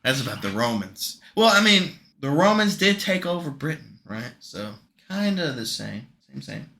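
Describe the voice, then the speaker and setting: A man's voice: on the high side, big pitch swings, moderate pace, creaky, pushed and bright. A young man co-hosting a podcast in casual chat, joking and rambling, laughing often. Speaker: podcast co-host.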